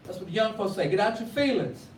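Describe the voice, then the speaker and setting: A man preaching a sermon with call-and-response, rising from quiet talk to loud cries. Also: high-pitched, expressive, fast talker, crowd noise. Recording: echoey room, from far off, faint noise.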